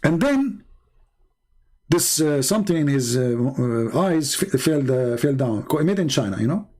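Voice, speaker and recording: A man's voice: on the high side, big pitch swings, unhurried, darkish tone. A man hosting a call-in debate, arguing hard, talking over the caller and mocking him sarcastically. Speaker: host. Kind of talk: argumentative call-in debate and commentary.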